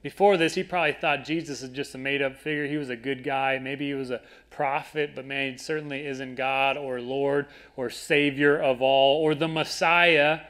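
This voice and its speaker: A man's voice: mid-range voice, fairly even intonation, normal speed, hardly any pauses, a bit bright. A young adult man preaching a conversational sermon and reading scripture aloud. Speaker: pastor. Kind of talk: sermon, Bible teaching.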